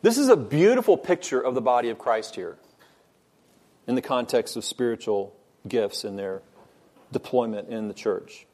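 A man teaching a Bible study lesson, earnest and measured, stressing points by repeating phrases. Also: medium pitch, animated, darkish tone.

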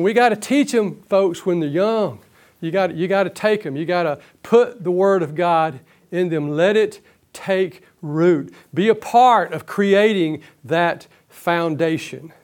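A middle-aged man preaching a sermon, emphatic, slowing down to stretch the key words. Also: on the high side.

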